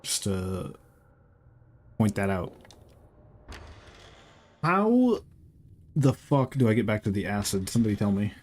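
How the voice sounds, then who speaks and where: A man's voice: on the low side, lively intonation, a little slow, pauses often, a little mellow, a little hiss or hum. Rambling, foul-mouthed male game streamer. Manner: rambling, profane, joking. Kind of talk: casual chat with live chat while playing.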